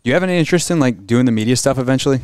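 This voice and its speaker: A man in his thirties hosting a sports radio interview, asking quick, upbeat questions in a casual chat. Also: medium pitch, expressive, a little mellow, smooth, no echo. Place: studio.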